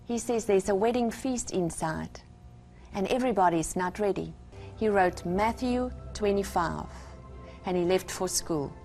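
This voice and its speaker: A woman's voice: medium pitch, a little slow, darkish tone, faint music behind. Earnest South African woman giving testimony. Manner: earnest, emphatic, retells conversations with God. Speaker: guest. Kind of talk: testimony on a Christian talk show.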